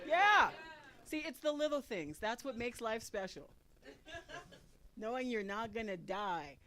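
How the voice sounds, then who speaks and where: A woman's voice: a little high, animated, a little slow, long pauses, a crowd in the background. A woman in her forties doing a stand-up comedy set on a live stage, with a brash, profane, punchy delivery. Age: 40s.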